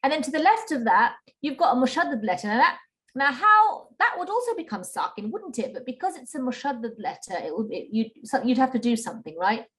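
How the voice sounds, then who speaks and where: A woman's voice: sits high, sing-song, brisk, fairly bright tone. A woman co-teaching an online lesson, asking questions and checking each point with tag questions like "right?".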